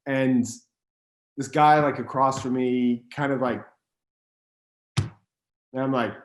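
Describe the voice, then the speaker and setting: A man, an actor, chatting casually with another actor and telling meandering, animated stories. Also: mid-range voice, takes it slowly, reverberant, a little hiss or hum. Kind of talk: casual conversation between actors.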